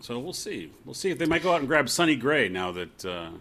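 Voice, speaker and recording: A man co-hosting a casual sports podcast, talking in an animated, joking, opinionated way. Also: mid-range voice, fairly quick. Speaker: podcast co-host.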